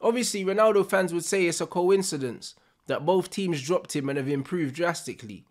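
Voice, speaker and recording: A young man, reacting live to a football match with loud, slangy banter and frequent laughter. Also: high-pitched, fairly quick.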